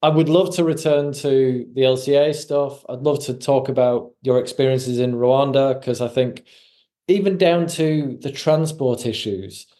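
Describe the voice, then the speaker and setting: Male podcast host, warm mellow voice, easygoing, steering the chat. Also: mid-range voice, unhurried.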